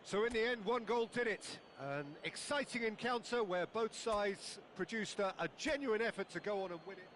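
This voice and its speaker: A man doing play-by-play football commentary, flowery and dramatic, erupting with excitement at big moments. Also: sits high, moderate pace, hardly any pauses. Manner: flowery, dramatic, bursts into loud excitement at goals. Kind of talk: sports commentary from a video game. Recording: loud background noise.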